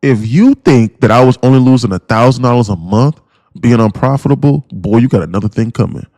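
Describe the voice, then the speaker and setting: A man hosting a trading live stream, lecturing his viewers in a blunt, pushy rant full of profanity and repeated phrases. His voice sits at an ordinary pitch. The sound is dry and close, with no room echo. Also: brisk, warm tone. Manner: addresses viewers as guys and bro. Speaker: day-trading streamer and mentor.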